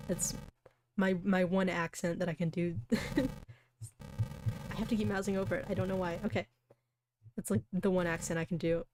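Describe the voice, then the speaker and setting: A woman's voice: lowish voice, steady tone, normal speed, pauses often, background noise. A woman streamer reading a visual novel aloud, breaking into chatty, giggly asides between the lines. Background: soft background music.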